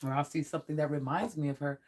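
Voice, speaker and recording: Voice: mid-range voice, fast talker. A psychic tarot reader talks casually to a live-stream audience in a mid-range voice. The talk rambles and often breaks into laughter. It turns blunt and threatening toward anyone making trouble in the chat.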